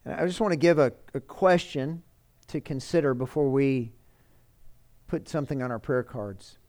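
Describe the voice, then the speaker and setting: A man's voice: medium pitch, moderate pace, darkish tone. A man preaching a sermon as pastor, earnest and pleading, lifting and dropping his voice for emphasis.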